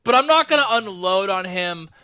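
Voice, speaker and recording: A man's voice: high-pitched, normal speed, clear, resonant tone, no room sound. A man on a podcast telling a comic story in a casual, profane way, acting out both sides of each exchange. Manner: profane, animated, acts out both sides of a dialogue.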